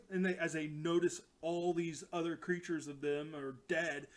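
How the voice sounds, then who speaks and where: Solo comic reviewer, man, fairly high voice, rambling and animated, acts out quotes. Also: a little slow, hardly any pauses. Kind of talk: casual solo recap.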